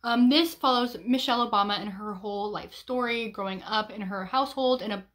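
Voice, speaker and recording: A woman's voice: medium pitch, fairly quick, fairly bright tone. A young woman vlogger chatting casually about her reading plans, bubbly, with frequent ums and restarts. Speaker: book vlogger. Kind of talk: casual chat.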